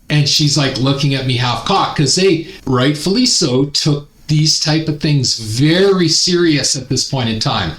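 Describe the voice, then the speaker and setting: Host casting: Canadian man, slightly high voice, chatty storyteller, echoey room. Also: unhurried, hardly any pauses. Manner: chatty, animated, exasperated asides. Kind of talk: casual storytelling commentary.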